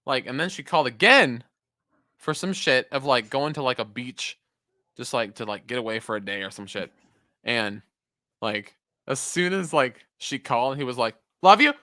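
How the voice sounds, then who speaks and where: This podcast co-host talks in a loose, animated way, swearing freely while telling stories over a video call. The voice swings widely in pitch and has a bright, forceful edge. The sound is dry and close. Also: normal speed, no echo. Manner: animated storytelling, swears a lot. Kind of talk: casual chat.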